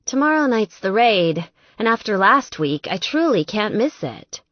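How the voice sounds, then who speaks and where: A woman's voice: mid-range voice, very animated, unhurried, dry recording, dull audio. A woman narrator voicing a busy young woman with a light, cheerful voice, kind but apologetic.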